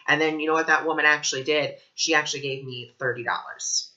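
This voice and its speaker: Man, spiritual teacher type, bright voice, earnest and animated, lo-fi sound. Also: a little high, quick pace. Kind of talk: casual spiritual talk to camera.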